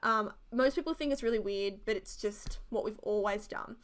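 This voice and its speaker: An Australian YouTuber in her twenties tells rambling, giggly stories in a chatty, casual voiceover. Her voice is medium in pitch and moves at a moderate pace.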